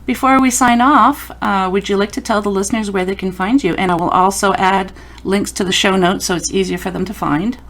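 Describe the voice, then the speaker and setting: A woman in her fifties from Canada, hosting a podcast and chatting with her guest, encouraging and quick to laugh. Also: medium pitch, steady tone. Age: 50s. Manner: warm, encouraging, laughs often. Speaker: podcast host. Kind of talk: casual interview chat.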